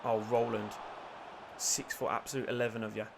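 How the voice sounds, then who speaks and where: A young man commentating his own football video game, excitable, muttering and then shouting, swearing and joking. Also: mid-range voice, brisk, creaky, background noise. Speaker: gaming YouTuber. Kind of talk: live gameplay commentary.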